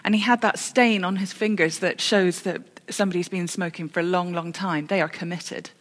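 A woman's voice: on the low side, fairly even intonation, normal speed. Woman preaching in a reverberant church. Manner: storytelling with self-corrections and dry humour. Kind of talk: sermon.

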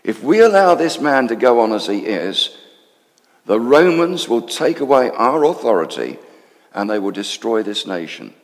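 A man's voice: very animated, normal speed, big-room sound. A man voicing a commanding, big-voiced male chief priest in a dramatic monologue. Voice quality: booming, domineering.

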